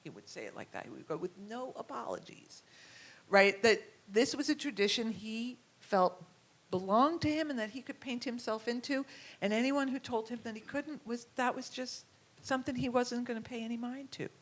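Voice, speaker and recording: A woman's voice: on the high side, fairly quick. A middle-aged woman from the United States, a curator being interviewed, talking reflectively and thinking aloud with fillers and restarts. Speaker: curator and writer, guest. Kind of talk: conversational interview talk.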